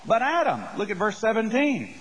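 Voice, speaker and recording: A man preaches from the pulpit in a high, husky voice. He builds his points through repetition and rising emphasis, speaking directly to his congregation. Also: wildly swooping pitch, moderate pace, rough recording. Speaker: pastor. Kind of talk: sermon.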